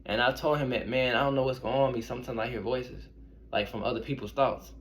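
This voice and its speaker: A young man tells personal stories straight to his viewers in a relaxed, rambling way. He circles back, restarts sentences and calls his audience y'all. His voice sits in an ordinary middle pitch for a man. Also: fast talker. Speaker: intuitive reader and medium. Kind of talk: casual storytelling to camera.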